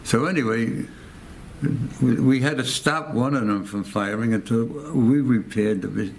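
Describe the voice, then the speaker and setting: A mid-range, unhurried voice comes from a U.S. man in his nineties telling a war story for an oral-history interview. He rambles, says his phrases again, and acts out the voices he quotes, over a slight hiss or hum.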